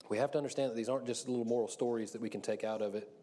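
A man's voice: mid-range voice, fairly even intonation, very fast, mellow. A man preaching a casual sermon, chatty and laughing often as he acts out the quotes.

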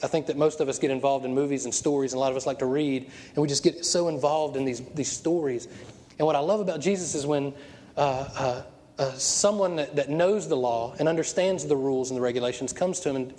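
Male pastor, lively storytelling sermon, slightly high voice, long hall reverb. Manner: animated storytelling with frequent laughter.

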